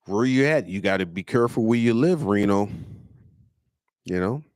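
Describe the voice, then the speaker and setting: A man hosts his own comedy show and roasts his viewers' comments in loose slang. His pitch swings widely, and he cracks himself up. The sound is close and dry, with no room echo. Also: lively intonation, normal speed, darkish tone. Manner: loose, slangy, breaks into laughter. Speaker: comedian host.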